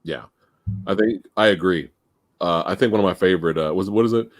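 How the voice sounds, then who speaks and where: A man hosting a casual movie podcast, talking in an animated way and laughing as he goes. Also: low-pitched, fairly quick, no room sound, clean studio sound. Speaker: podcast host.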